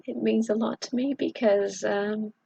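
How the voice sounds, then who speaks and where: A middle-aged woman from Southeast Texas talking in a halting, earnest confessional vlog, with many pauses and fillers. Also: a little high, fairly even intonation, creaky, dark tone, breathy edge, no echo, low-quality recording. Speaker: vlogger.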